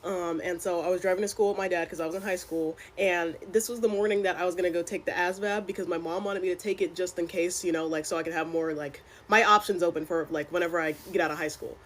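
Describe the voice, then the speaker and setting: A woman's voice: fairly low pitch, steady tone, fast, few pauses, slight background noise. A young woman casually telling a personal story, chatty and exasperated, with lots of filler words. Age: young adult.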